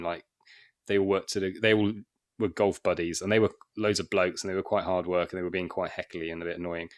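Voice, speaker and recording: A man in his forties from Wakefield in England, a comedian telling rambling anecdotes in a casual podcast chat, with frequent restarts and chuckles. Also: deep voice. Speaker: guest comedian.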